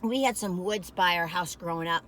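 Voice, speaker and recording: A woman's voice: fairly low pitch, normal speed, a bit bright, slight background noise. An older woman, rambling in a folksy, chatty way as she reviews food on a phone camera in a parked car.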